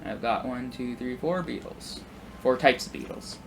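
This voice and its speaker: A man's voice: mid-range voice, normal speed, gravelly, noisy background. A man in his twenties casually rambling through work stories while playing a video game, full of "like" and restarts. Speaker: gaming YouTuber. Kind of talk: rambling storytelling over gameplay.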